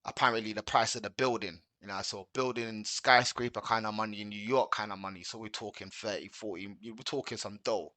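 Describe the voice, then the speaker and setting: Guy hosting a sports chat, rambly and slangy, bright voice. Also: lowish voice, steady tone, a little fast, few pauses, no echo. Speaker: host. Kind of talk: casual chat.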